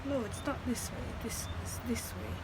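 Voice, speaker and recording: A woman's voice: on the high side, normal speed, heavy background noise. A young woman, chatting playfully and joking through a hair tutorial. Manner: playful, jokey, laughs often. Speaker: vlogger. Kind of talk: casual hair tutorial chat.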